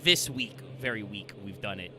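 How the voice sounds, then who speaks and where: A man's voice: on the low side, expressive, moderate pace, noisy background. A man streaming a video game, chatting casually in a rambling, joking way with swearing. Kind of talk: casual let's-play chat.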